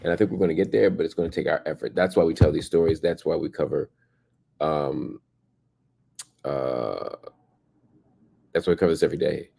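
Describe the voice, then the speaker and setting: Very deep, gravelly, tired-sounding man. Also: steady tone, fairly quick, pauses often, dark tone. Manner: reads headlines then comments, with fillers and restarts. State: tired, exhausted. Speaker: host of a daily news update stream. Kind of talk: casual commentary on news headlines.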